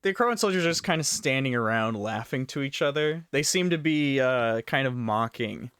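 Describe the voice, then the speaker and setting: A man's voice: mid-range voice, lively intonation, moderate pace, a bit bright, clean tone, dry recording, clean studio sound. A man running a tabletop game as game master, narrating loosely with many fillers.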